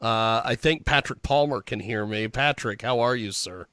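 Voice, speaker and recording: A man hosts an interview show, giving quick reactions and frequent laughs. His voice is bright and forceful, recorded dry and close with no room sound. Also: medium pitch, clear, resonant tone, dry recording. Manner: laughs often, brief reactions. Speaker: host. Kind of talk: interview hosting.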